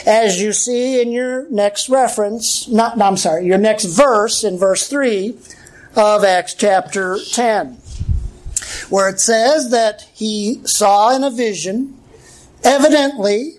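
A hoarse woman pastor teaching a sermon from the Bible, emphatic and full of rhetorical questions, often clearing her throat. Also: medium pitch, slow pace, a little mellow.

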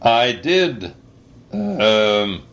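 An older man dictating an article slowly, saying the punctuation aloud, spelling out words, pausing often with uhs. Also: medium pitch, sing-song, a bit bright, muffled recording, a little hiss or hum. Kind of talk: slow dictation with spoken punctuation.

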